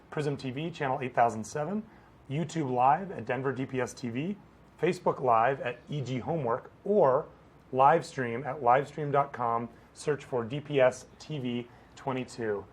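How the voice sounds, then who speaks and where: A man's voice: medium pitch, normal speed, breathy edge. A man who teaches science, co-hosting a live call-in homework show with a playful, jokey manner.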